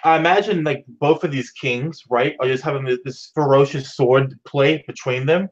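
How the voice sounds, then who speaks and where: A man's voice: mid-range voice, normal speed. Guy vividly describing his character's big move in a tabletop game, muffled lo-fi mic. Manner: vivid, enthusiastic scene-setting. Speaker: player.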